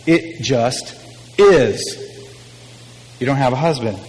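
A man's voice: medium pitch, slow pace, darkish tone, big-room sound, close to an everyday voice, poor audio. A man voicing a patient, matter-of-fact male teacher who speaks plainly and wryly. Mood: gentle.

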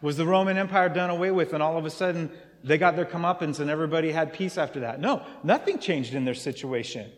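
A man preaching in a church, with a voice pitched a little above the usual. He turns to his listeners with questions and repeats the phrases he wants to land. His voice carries a long reverb from the sanctuary. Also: fast. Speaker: pastor. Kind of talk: sermon.

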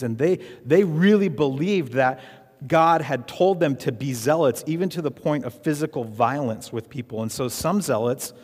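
Male pastor, emphatic preaching, call-and-response, mid-pitched voice, long hall reverb. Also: a little mellow. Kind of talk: sermon.

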